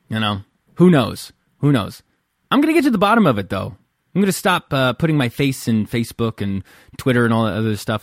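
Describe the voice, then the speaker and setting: Wry, low-voiced man hosting a podcast. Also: no echo, studio quality. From Central California. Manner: wry, self-deprecating, rambling. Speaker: podcast host. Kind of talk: casual solo podcast monologue. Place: at home.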